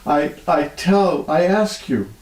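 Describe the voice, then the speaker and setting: A healer guest tells his stories slowly in an interview, with plenty of feeling and frequent laughs. Emotion pushes his voice high at times, and the poor audio comes from an echoey room.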